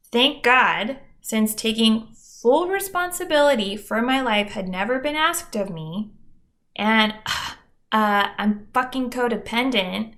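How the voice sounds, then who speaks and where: A woman's voice: a little high, vocal fry, fairly bright tone. A young adult woman hosting a podcast, talking candidly and mocking herself, with dramatic asides and plenty of swearing. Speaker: podcast host. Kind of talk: candid solo monologue.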